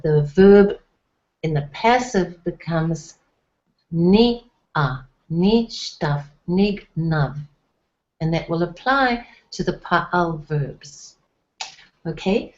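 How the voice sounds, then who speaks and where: Female teacher, lowish voice, unhurried, patient explainer; dull lo-fi recording. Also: a little mellow. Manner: patient, explains step by step with many fillers. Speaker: Hebrew teacher. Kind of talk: slow, careful language lesson.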